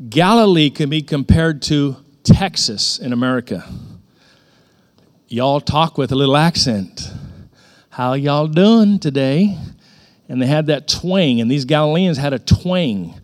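A man's voice: on the high side, lively intonation, normal speed, few pauses. A middle-aged male pastor preaching a sermon in a conversational storytelling way, with sudden emphatic rises in his voice.

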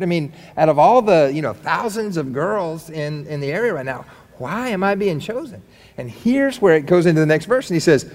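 A man's voice: a little high, lively intonation, fairly quick, long reverb tail. A man preaching a sermon in a conversational, rambling way with many restarts. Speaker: pastor.

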